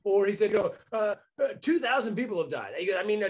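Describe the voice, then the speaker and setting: High-voiced man ranting in casual chat. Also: fast, husky, low-quality recording. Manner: animated, mocking, swears freely.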